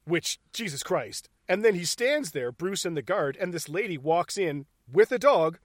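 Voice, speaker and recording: Male podcast co-host, raised pitch, dry close sound; profane, laughing retelling of film scenes. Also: lively intonation, dry recording. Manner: profane, laughing, acts out scenes in quick bursts. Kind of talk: casual movie chat.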